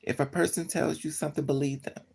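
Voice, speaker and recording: A streamer tells a story to live chat in a heavy, fry-laden voice with a rough, husky edge. The talk is blunt and full of swearing. They keep repeating and correcting details as they go. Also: medium pitch, steady tone, quick pace, darkish tone. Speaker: livestreamer.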